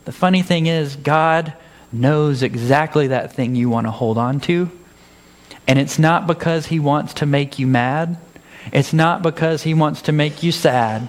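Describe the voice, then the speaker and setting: A man's voice: fairly high pitch, normal speed. A man preaching a conversational sermon, acting out his own exchanges with God and laughing at his own stories. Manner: acts out dialogues with God in changed voices.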